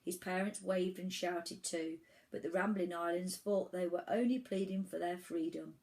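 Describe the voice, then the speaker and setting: A woman reading a children's storybook aloud, telling it in an animated way with the odd restart. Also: on the low side, normal speed, rough recording. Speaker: children's book reader.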